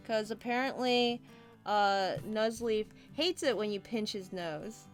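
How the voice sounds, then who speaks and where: A woman's voice: medium pitch, slow, soft background music. A woman streaming a drawing session, chatting casually and giggling as she reads viewer comments aloud. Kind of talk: casual livestream chat.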